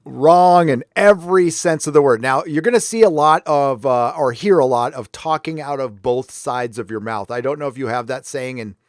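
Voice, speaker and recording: A man's voice: mid-range voice, normal speed, hardly any pauses, no echo, clean studio sound. An American man hosting a commentary livestream, blunt and ranting, swearing freely as he reacts to clips. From United States. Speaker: livestream host. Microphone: headphones on while talking into a desk mic.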